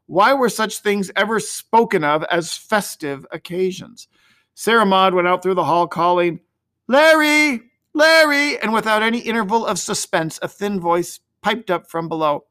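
A man narrating an old-fashioned storybook in an expressive, gently dramatic way. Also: sits high.

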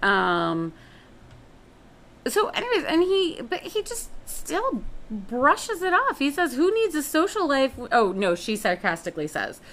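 Animated woman recapping a TV show. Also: on the high side, a little slow. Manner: animated, swearing, acts out characters' lines. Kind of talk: casual chat recapping a TV episode.

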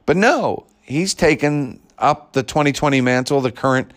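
A man's voice: mid-range voice, normal speed. A man delivering a blunt, sarcastic, profane ranting monologue as a commentator.

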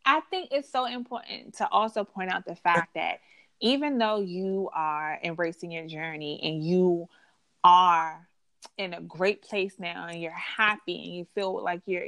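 A woman's voice: fairly low pitch, fairly bright tone, dry recording. A woman hosting a casual chat, speaking earnestly and encouraging listeners directly. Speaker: host.

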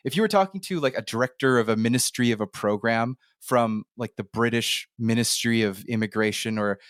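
A man from Canada hosting a casual podcast interview, talking in an animated, storytelling way with quick asides. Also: medium pitch, no room sound, clean studio sound. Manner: animated, storytelling, slips into playful impressions. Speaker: podcast host.

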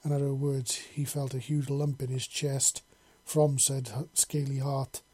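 Husky man casually reading a story. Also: mid-range voice, level tone, measured pace, warm tone, no echo. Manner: casual, with frequent slips and restarts. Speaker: narrator. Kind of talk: reading a fan-fiction audiobook.

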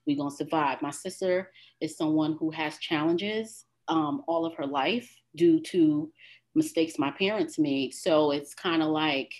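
A woman with a lowish, unhurried voice performs spoken-word poetry. Her phrasing is deliberate, and she builds through repeated refrains. When she talks plainly as a guest, she keeps the same measured care. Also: a little mellow. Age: adult with a grown daughter. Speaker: guest poet. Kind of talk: spoken-word poetry then candid conversation.

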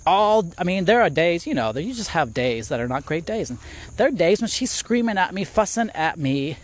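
A man's voice: high-pitched, very animated, fairly quick. A middle-aged man hosting a podcast, giving a casual devotional talk while walking outdoors, thinking aloud with restarts. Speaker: podcast host.

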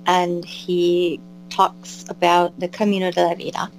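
Soft background music plays beneath a rough recording as she speaks in a lowish, monotone voice, unhurried. The American pilgrim and albergue volunteer is a guest in a casual interview, rambling warmly with many fillers and restarts.

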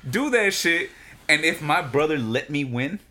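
Animated, profane man, bright voice. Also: a little high, a little slow. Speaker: podcast co-host. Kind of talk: casual chat.

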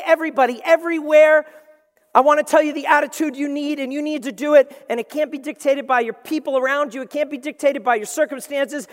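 A man delivers a sermon in a big hall where his voice rings out with a long reverb. He preaches with animated energy and playful asides, and he briefly puts on other voices to make his points. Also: high-pitched. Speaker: pastor.

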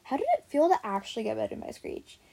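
A woman's voice: on the high side, sing-song, quick pace, creaky, dark tone, slightly rough, full character voice. A woman voicing a sarcastic, bookish girl adventurer in a storybook read-aloud, with dry quips.

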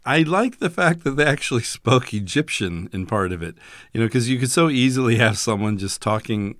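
A man's voice: medium pitch, animated, brisk, fairly bright tone, no echo, clean studio sound. A man co-hosting a podcast, chatting in an easygoing way with light chuckles. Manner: easygoing, chuckles between remarks. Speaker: podcast co-host. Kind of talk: casual chat.

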